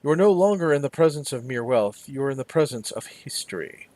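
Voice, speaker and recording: A man's voice: medium pitch, lively intonation, a little fast, a little mellow. A man hosting a let's play, reading the game's narration aloud with wry asides.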